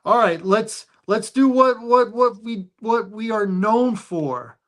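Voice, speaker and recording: A man hosting a casual football picks show, reading out lines and odds deliberately. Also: high voice, lively intonation, fairly bright tone. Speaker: show host. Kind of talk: casual sports picks chat.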